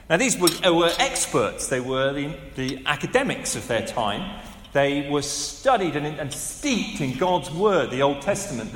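Animated preacher in an echoey hall. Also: male voice, on the high side. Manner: animated, conversational, with asides and rhetorical questions. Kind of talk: sermon. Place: large church hall. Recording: echoey hall with long reverb.

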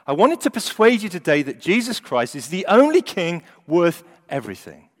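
A man delivers a sermon in a slightly high voice that swings widely in pitch. He rises and falls in volume to stress key points. His voice carries a long reverb, as from a large hall. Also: moderate pace. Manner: animated, rising and falling for emphasis. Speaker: preacher.

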